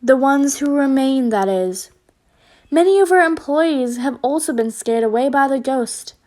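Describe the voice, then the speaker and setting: A woman's voice: sits high, lively intonation, a little slow, dark tone. Woman doing a sad, weary mouse hotel owner.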